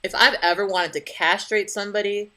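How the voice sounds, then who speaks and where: Blunt, bright-voiced young woman ranting. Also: medium pitch, fairly even intonation, a little fast. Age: young adult. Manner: blunt, profane, indignant storytelling. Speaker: vlogger. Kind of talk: casual rant to camera.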